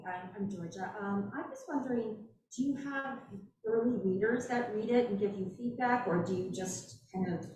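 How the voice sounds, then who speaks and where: Woman audience member, quiet, hesitant, faraway, echoey, faint noise. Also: mid-range voice, normal speed. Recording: echoey room, distant mic, faint noise.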